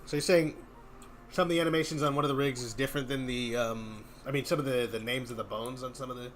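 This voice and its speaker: A man's voice: mid-range voice, steady tone, fast talker, a bit bright. A man hosting a game development stream, chatting casually and joking while he works. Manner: chatty, thinks aloud, joking. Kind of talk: casual chat while working.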